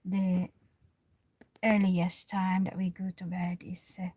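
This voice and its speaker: A woman with a Filipino accent chatting on a live stream from inside a parked car, soft-spoken and often dropping to a near whisper. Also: on the low side, little pitch movement, slow, husky, no echo. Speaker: vlogger hosting a live stream. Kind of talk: casual live-stream chat with viewers.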